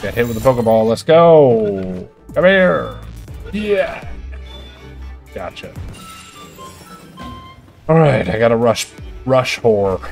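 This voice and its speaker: An excitable man talks through his gameplay, pleading with his creatures and jumping up in pitch when danger comes. His voice sits at a middle pitch for a man. Soft game music plays behind him. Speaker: gamer. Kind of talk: live gameplay commentary.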